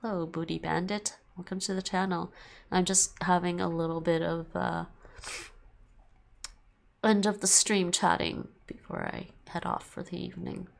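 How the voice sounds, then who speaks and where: A woman's voice: fairly low pitch, steady tone, moderate pace, gravelly. A woman streamer in casual end-of-stream chat, rambling, repeating herself and laughing often.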